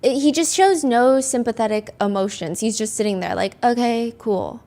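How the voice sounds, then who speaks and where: Podcast host, female, conversational and animated, slightly high-pitched. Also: a little fast. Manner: chatty, animated, dry asides. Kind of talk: casual true-crime storytelling.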